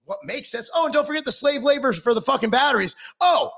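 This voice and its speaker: A man's voice: very high-pitched, expressive, fast, vocal fry, fairly bright tone. A middle-aged man giving a heated, sarcastic political rant full of swearing.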